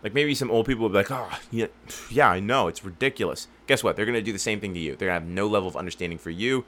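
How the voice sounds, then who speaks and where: A man's voice: on the low side, very fast, a bit bright. A young man in casual talk, giving sales advice and acting out both sides of customer calls in a loose, rambling way. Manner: rambling, acts out customer dialogue. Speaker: lawn care business owner and coach.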